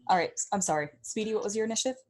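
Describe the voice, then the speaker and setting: A woman narrating a tabletop game as game master, relaxed and full of small ums. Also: mid-range voice, rapid-fire, slight background noise.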